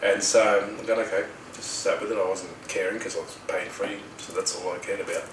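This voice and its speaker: A man's voice: sits low, fairly quick, distant mic, slight background noise. Australian man telling a story, roomy sound. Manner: rambling, animated retelling with quoted dialogue. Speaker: healer telling his story. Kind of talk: casual storytelling.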